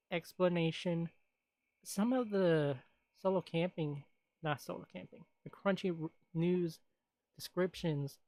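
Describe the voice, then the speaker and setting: A streamer chatting casually on stream at an unhurried pace, rambling from one thought to the next. The voice sits at a middle pitch and is recorded dry and close. Laughs and sighs come often. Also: darkish tone, dry recording.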